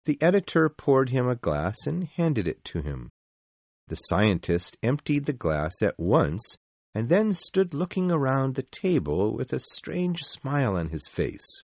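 A man narrating a story in the first person in a measured, expressive reading. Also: medium pitch, dry recording.

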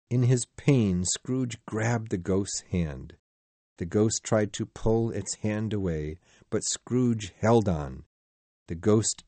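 A man reading a storybook aloud in a slow, measured, expressive way. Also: lowish voice, no room sound. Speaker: narrator.

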